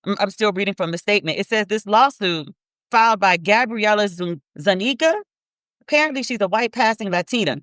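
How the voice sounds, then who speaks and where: A woman's voice: medium pitch, brisk, fairly bright tone, no room sound, clean studio sound. A woman hosting a podcast, giving blunt, profane commentary, repeating words for emphasis and reading statements aloud. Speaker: podcast host. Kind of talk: casual commentary.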